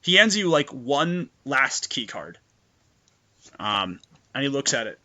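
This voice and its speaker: Bright-voiced man running a tabletop game. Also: medium pitch, big pitch swings, slow pace. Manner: loose, filler-heavy narration. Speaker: game master.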